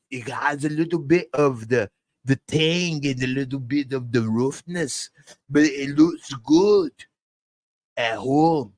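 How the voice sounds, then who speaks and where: A man's voice: fairly high pitch, darkish tone, no room sound, studio quality. A man doing a comic impression of an older crime boss who scorns his kids, rambling on in a boastful, contemptuous way. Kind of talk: comic character impression in a TV review.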